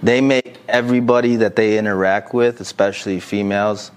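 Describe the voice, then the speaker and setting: Blunt, animated male podcast host. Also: fairly low pitch, a little fast, clean tone. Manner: blunt, animated, swears freely, gives frank advice. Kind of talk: casual podcast chat, reading listener messages.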